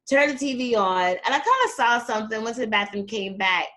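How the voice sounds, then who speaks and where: A middle-aged woman telling her story as a guest in a casual interview, lively and acting out the people she quotes. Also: fairly quick. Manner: animated, acts out quotes with big jumps in pitch. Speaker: guest, performer and fitness trainer.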